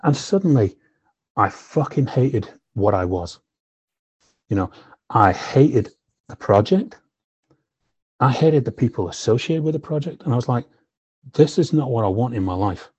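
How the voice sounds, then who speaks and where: A man's voice: mid-range voice, big pitch swings, a little slow, long pauses, darkish tone, husky, no room sound. A filmmaker guest telling his own story candidly and emotionally, swearing often and leaning on "you know". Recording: slightly dull lo-fi recording.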